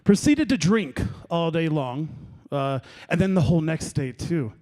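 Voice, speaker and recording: A man's voice: a little high, lively intonation, measured pace, a little mellow. A man in his late thirties doing a rambling, self-deprecating stand-up set at an open mic, chatting with the crowd between stories. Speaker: stand-up comedian. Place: comedy open mic in a venue.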